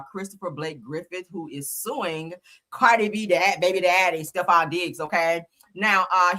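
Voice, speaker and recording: Laughing, profane woman gossip host. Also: fairly low pitch. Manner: loud, laughing, profane, talks straight to viewers. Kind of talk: casual gossip commentary.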